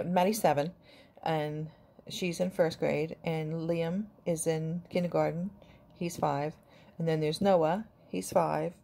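A woman's voice: deep voice, creaky, warm tone. A middle-aged woman, a grandmother, chatting casually to camera in a rambling, affectionate way. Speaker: vlogger.

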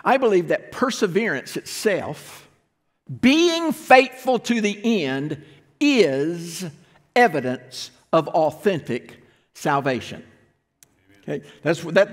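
Man, pastor, sermon, high voice, long church reverb. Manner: explains and asks the congregation questions. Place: church sanctuary.

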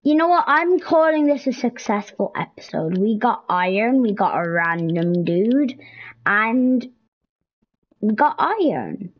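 A young woman giving casual, excitable commentary while playing a video game, pleading with and scolding game characters. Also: on the high side, a little slow, husky, rough recording. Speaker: gameplay streamer. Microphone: headset or console mic.

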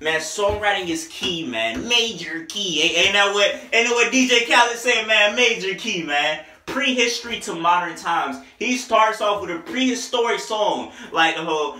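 A young man giving an excited, slangy casual album review, now and then singing bits of the songs. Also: high voice, a little fast, distant mic. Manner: excited, slangy, sings snippets along with the tracks. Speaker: music reviewer. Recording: echoey room, voice off-mic.

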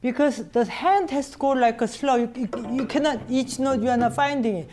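A woman teaching a cello master class, coaching a student directly in halting phrasing and singing passages on syllables to show them. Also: high voice, a little mellow, slight background noise. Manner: sings phrases on syllables to demonstrate.

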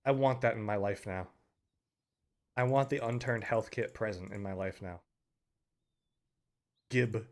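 A young man giving live commentary on a game, excitable, breaking into loud yells and laughter. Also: on the low side, unhurried, pauses often. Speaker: game streamer.

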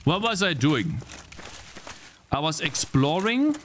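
A man with a fairly high, bright, very animated voice streams a video game at a slow pace, chatting casually with his viewers. He gets frustrated easily and swears freely, with game music and slight noise in the background.

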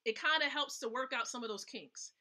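This host's voice is high, brisk, pushed and bright as she runs a relaxed live stream. Her tips come out chatty and emphatic, and she keeps asking the audience questions to check in with them.

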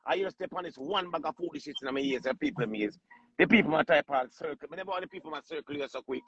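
A man with a Jamaican accent, bantering loudly and joking on a casual livestream, often breaking into laughter. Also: on the high side, very fast, dull audio. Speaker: livestream host.

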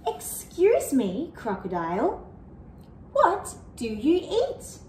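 A woman voicing a curious young baby elephant in a storybook, with a high, eager, squealing voice. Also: wildly swooping pitch, slow, roomy sound, a little hiss or hum, full character voice.

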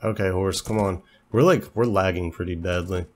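A man's voice: low-pitched, moderate pace, darkish tone. A young man casually commentating a game he is playing, chatty and jokey, talking to his horse and easily startled, while feeling a bit unwell. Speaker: let's play host.

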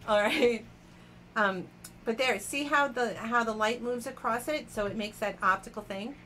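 A woman's voice: on the high side, normal speed, sharp tone, a little hiss or hum. A woman hosting a casual live jewelry auction stream, chatting with viewers by name and laughing often.

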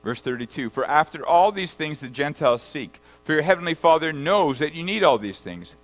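A man's voice: expressive, a little fast, faint music behind, poor audio. Man preaching a sermon, rising to emphatic bursts. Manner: rises to loud emphatic bursts, then drops low and soft; reads scripture verses aloud. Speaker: pastor.

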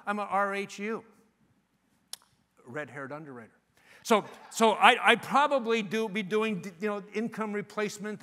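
Older male sales trainer, bright, high voice, animated joking storyteller at a conference. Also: long reverb tail. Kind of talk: live conference presentation. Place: conference venue.

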